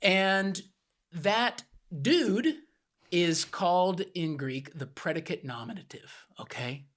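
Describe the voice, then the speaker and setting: A man's voice: sits high, animated, takes it slowly, a bit bright. A man co-hosting a podcast, patiently teaching a point with plain everyday examples. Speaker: podcast co-host.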